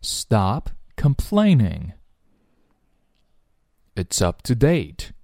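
A man teaching English phrases in a slow bilingual drill. He repeats each phrase and explains it in Chinese, acting out its feeling. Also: on the low side, huge pitch swings, creaky, a little mellow, no echo, studio quality.

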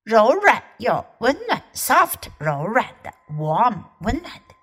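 A woman's voice: on the high side, slow pace, husky, poor audio. A woman with an American English accent reading a children's story aloud and explaining it like an English teacher. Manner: expressive, lively storyteller.

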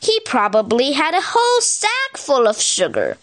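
A woman reading a picture book aloud in an animated, expressive way, as a storyteller. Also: high voice, moderate pace.

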